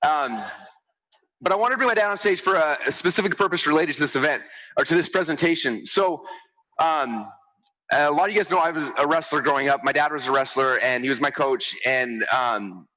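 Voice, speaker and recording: Fast excitable man on stage. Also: a little high, low-quality recording. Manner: fast, excitable, acts out quotes. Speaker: speaker on stage. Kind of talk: energetic stage presentation. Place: large event stage.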